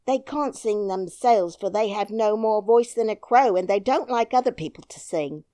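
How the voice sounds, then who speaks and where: A woman's voice: medium pitch, normal speed, dark tone, no echo, voice pushed up, close to an everyday voice. A woman voicing a brave, cheerful twelve-year-old miner boy who talks boldly and plainly. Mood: frank. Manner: bold, singing taunts, plain-spoken.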